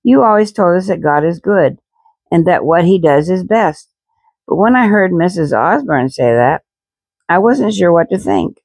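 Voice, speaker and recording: A woman's voice: on the low side, expressive, moderate pace, gravelly, darkish tone, breathy edge, no echo, exaggerated voice. A woman voicing a troubled young girl who sounds earnest and hesitant in a read-aloud storybook. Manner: hesitant, pleading. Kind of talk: storybook reading.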